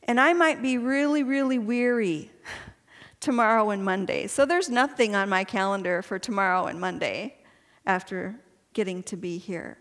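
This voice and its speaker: A woman's voice: mid-range voice, normal speed. A woman giving a personal faith testimony to a women's gathering, chatty and earnest and laughing often. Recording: long hall reverb.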